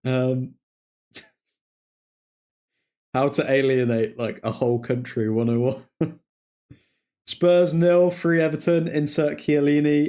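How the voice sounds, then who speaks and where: A man's voice: a little high, takes it slowly, long pauses, mellow. Joking man hosting a football stream. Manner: rambling and jokey, laughing often, mock French phrases. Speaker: watchalong stream host. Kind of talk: casual live-stream chat.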